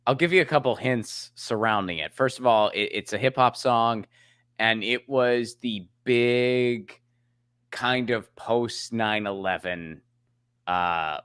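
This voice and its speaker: A man's voice: medium pitch, slow pace, smooth, no room sound. A man guesting on a casual comedy podcast, exclaiming and poking fun at himself. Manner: animated, self-mocking, exclamatory. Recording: dry close sound.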